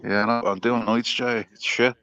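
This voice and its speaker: A man's voice: medium pitch, flat delivery, normal speed, bright, forceful tone, dull audio. A man on a casual livestream chat who keeps asking the host questions in a friendly way. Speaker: livestream guest.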